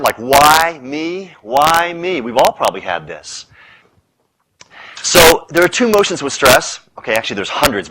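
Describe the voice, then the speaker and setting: A middle-aged man giving a public lecture on stress, an animated storyteller who rattles off punchy lists and playful asides. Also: mid-range voice, poor audio. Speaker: speaker on stress. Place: lecture hall with audience.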